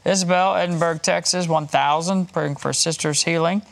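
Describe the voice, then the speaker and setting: A man's voice: on the high side, fairly even intonation, moderate pace, creaky. A man hosting a Christian broadcast, reading donors' names, places and prayer requests with light chuckles. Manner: warm, chuckling, reads names and places in a list. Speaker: host reading donations.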